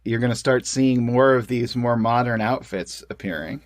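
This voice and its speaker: A man in the middle pitch range co-hosts a podcast. He reads comic strips aloud with lively delivery and chuckles as he goes. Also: normal speed, no room sound, clean studio sound. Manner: chuckles often, animated reading. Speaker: podcast co-host. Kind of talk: casual chat, reading comic strips aloud.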